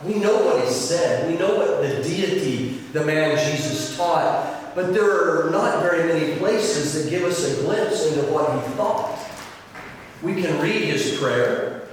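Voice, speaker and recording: A high-voiced man preaching a sermon in a big church hall, leaning on words with dramatic pauses. He is heard from a distance, with long reverb and a steady noise floor behind him. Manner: dramatic emphasis and pauses, earnest. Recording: echoey hall, distant mic, noisy.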